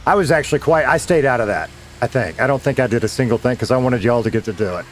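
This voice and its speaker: There's slight background noise as a former radio DJ, now middle-aged, casually talks to viewers while streaming a game, relaxed and sometimes cursing. His mid-range voice is expressive, and he talks fast.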